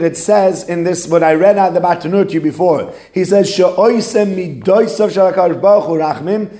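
Animated man giving a Torah lecture. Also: echoey room. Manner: animated storytelling, swings between high excited voices and low murmurs. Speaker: Torah teacher. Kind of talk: Talmudic lecture.

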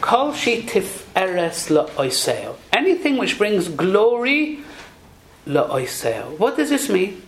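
Sing-song preaching man with lively pitch. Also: takes it slowly, poor audio. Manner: sing-song teaching cadence, mixing Hebrew and Yiddish phrases, rhetorical questions. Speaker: rabbi giving a Torah talk. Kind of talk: Torah sermon.

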